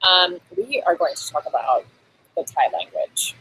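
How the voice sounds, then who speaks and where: Chatty woman with a lively voice. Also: lowish voice, moderate pace, slight background noise, rough recording. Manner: chatty, frequent ums, laughs between phrases. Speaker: host teaching basic Thai phrases. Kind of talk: casual on-camera lesson. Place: Bangkok.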